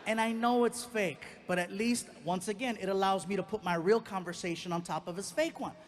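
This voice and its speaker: A man's voice: high voice, brisk, background noise. A man doing stand-up comedy on a live stage, telling a story and acting out his son in voices. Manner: animated, acts out his teenage son in voices. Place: live stage before an audience.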